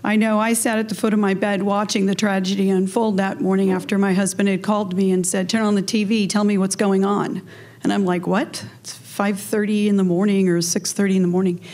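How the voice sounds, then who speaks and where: A woman's voice: mid-range voice, flat delivery, brisk, a little mellow. A woman hosting a memorial ceremony, telling a personal story in an earnest, heartfelt way.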